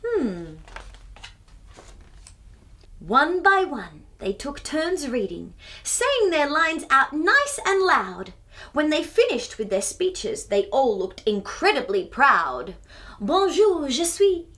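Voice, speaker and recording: A woman's voice: sits high, sing-song, slow, bright, forceful tone. A woman reading a picture book aloud to children, adding chatty asides with gasps and giggles. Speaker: children's storyteller.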